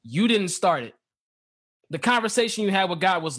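A man in a casual Bible discussion, reading scripture slowly and acting out the dialogue with animation. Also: high voice, big pitch swings, a bit bright, slightly rough. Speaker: podcast co-host teaching scripture.

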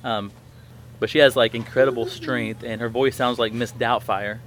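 A man's voice: medium pitch, moderate pace, slight background noise. Rambling man in his thirties chatting. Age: 30s. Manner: rambling, many fillers and restarts, animated quoting. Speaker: podcast host. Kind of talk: casual chat.

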